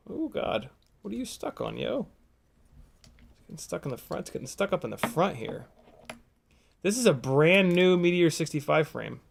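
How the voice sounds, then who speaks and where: Gravelly, easygoing male stream host. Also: fairly high pitch, slight background noise. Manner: easygoing, jokey, reads out viewer comments. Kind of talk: casual live-stream chat while repairing gear.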